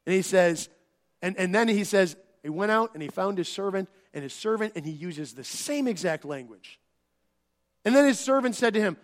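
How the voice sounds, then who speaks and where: A man's voice: high-pitched, lively intonation, normal speed. A middle-aged man preaching a sermon, earnest and conversational, often restarting phrases and acting out quoted dialogue. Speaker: pastor.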